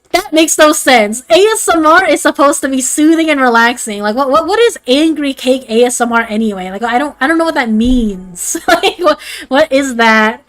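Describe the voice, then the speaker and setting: High-voiced rambling woman streamer. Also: normal speed. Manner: rambling and animated, heavy filler words, frequent swearing and laughter. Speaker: VTuber streamer. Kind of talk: casual livestream chat.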